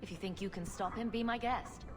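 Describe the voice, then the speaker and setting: A blunt young woman warrior from a video game, voiced by a woman, speaking dry and flat-spoken. Her voice sits in a plain middle range. Game music plays clearly behind. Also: medium pitch, a little fast, natural voice.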